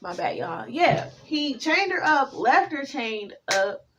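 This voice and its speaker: A woman giving a casual tarot reading, talking, swearing freely and drifting into animated stories. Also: sits high, slow pace, recorded from a distance, noisy background. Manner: profane, rambling, animated storytelling. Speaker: tarot reader.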